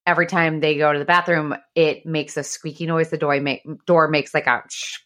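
Low-voiced woman chatting candidly. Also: brisk. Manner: candid, swears freely, animated storytelling. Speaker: podcast host. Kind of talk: casual chat.

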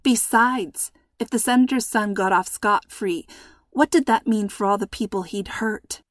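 A woman reading a scripted children's storybook in a measured, suspenseful manner, close to the mic. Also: mid-range voice, no room sound. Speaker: narrator.

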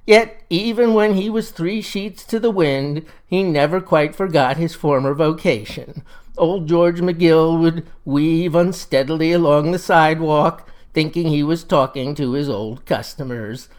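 A man's voice: fairly high pitch, a little slow, a little mellow, natural voice. A man playing a pompous, folksy Mississippi farmer, holding forth in a satirical comic monologue.

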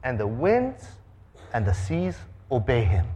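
A man's voice: medium pitch, measured pace, breathy edge. A man preaching a sermon, telling a story with acted-out sound effects and quoted voices. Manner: animated, acts out sounds and voices. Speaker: pastor.

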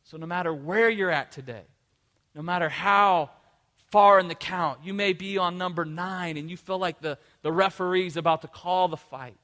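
Male pastor, emphatic motivational sermon, bright tone. Reverberant church hall with a soft band behind him. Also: high-pitched, normal speed. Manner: emphatic, motivational, repeats words when restarting.

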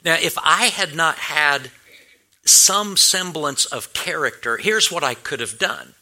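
A man's voice: a little high, lively intonation, slow, pushed and bright. A male pastor telling a personal story in a sermon, earnest and anecdotal, with many restarts and fillers.

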